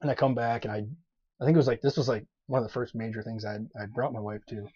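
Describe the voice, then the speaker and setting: A man, a podcast guest, telling stories in casual chat, animated, with lots of fillers and laughter in his lines. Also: mid-range voice, fast, husky, dry recording. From grew up on a farm. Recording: dull lo-fi podcast audio.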